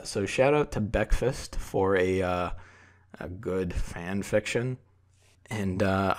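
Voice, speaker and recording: A young man talking casually as a Minecraft YouTuber, relaxed and rambling, with frequent filler words over a time lapse. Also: fairly low pitch.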